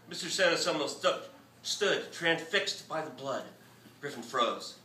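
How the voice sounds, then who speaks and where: A man reads his own novel aloud at a bookstore event in a lively, expressive way. His voice is bright and animated, picked up from a distance. The room is echoey, with faint noise behind. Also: medium pitch, normal speed. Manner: lively, expressive reading with shouted character lines. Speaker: author. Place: bookstore reading.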